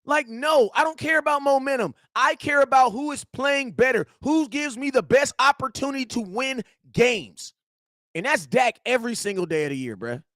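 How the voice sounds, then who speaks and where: A man hosting a fan reaction stream, ranting in heated, slangy bursts and often shouting. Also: very high-pitched, dry recording, studio quality. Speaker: sports fan show host.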